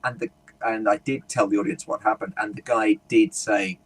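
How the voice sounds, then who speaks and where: A man from the United Kingdom, a humorist, telling an anecdote in a relaxed interview and slipping into voices for the people he quotes. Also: on the low side, moderate pace, husky, low-quality recording. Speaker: guest speaker and humorist. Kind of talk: casual storytelling interview.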